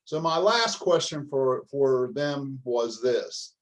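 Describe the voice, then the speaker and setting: A man's voice: mid-range voice, lively intonation, slow pace, poor audio. Folksy older man telling a story. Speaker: business coach. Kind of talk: motivational storytelling talk.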